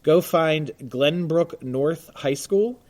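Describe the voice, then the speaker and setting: A man's voice: fairly high pitch, takes it slowly, darkish tone. Chatty, jokey man co-hosting a podcast. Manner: chatty and jokey, laughs often, frequent "uh" fillers. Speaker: podcast co-host. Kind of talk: casual chat. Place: Baltimore.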